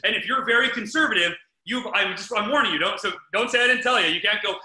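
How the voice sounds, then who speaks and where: A man hosts a podcast, offering casual parenting tips with energy and emphasis, frequently repeating himself and starting sentences over. His voice is high-pitched and fast, recorded in an echoey room.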